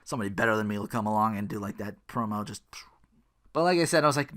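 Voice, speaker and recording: A man chatting alone on his podcast, rambling and poking fun at himself as he goes. His voice is bright and swings widely in pitch, rising and dropping between asides. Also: animated, fast talker. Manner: rambling, self-mocking, laughs at own jokes. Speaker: podcast host. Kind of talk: solo podcast chat.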